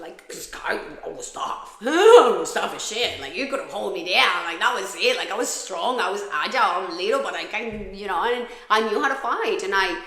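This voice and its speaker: A woman's voice: medium pitch, fairly bright tone, reverberant. A woman hosting a podcast, telling her own story in a raw, profane, confessional way. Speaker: podcast host. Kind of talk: candid personal storytelling.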